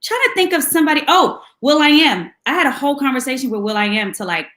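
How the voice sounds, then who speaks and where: A woman guest telling lively anecdotes in a casual chat, laughing often and mimicking voices. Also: sits high, fast, echoey room. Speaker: guest musician.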